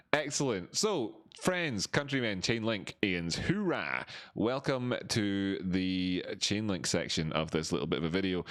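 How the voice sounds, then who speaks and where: Rambling man livestreaming. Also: lowish voice. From Scotland. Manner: self-mocking, chatty, reads chat aloud. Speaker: crypto livestream host. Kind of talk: rambling casual livestream chat.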